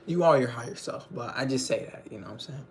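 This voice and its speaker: A young man hosts a casual livestream, talking fast and animatedly in a medium pitch over slight background noise. He rambles in slang and keeps asking his viewers "you know what I'm saying."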